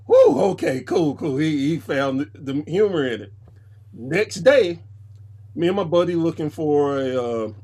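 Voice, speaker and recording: A man with a slightly higher-pitched voice tells a story as a podcast guest. He talks casually and with animation, jumping into quoted voices as the anecdote unfolds. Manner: animated, jumps into voices when quoting people.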